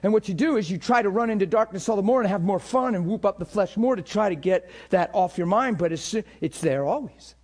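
High-voiced impassioned preacher man. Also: animated, brisk, hardly any pauses. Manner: impassioned preaching that swings between hushed and shouted. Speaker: pastor. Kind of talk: sermon.

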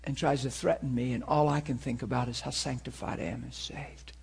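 A man preaching a sermon to a class, talking in an animated, conversational way. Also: mid-range voice, fairly quick, vocal fry, slightly rough.

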